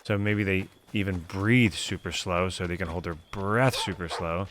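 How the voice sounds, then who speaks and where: A man streaming a video game, giving excitable commentary full of swearing and jokes. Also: low voice, moderate pace, a little hiss or hum. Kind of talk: gameplay commentary. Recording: voice over game music.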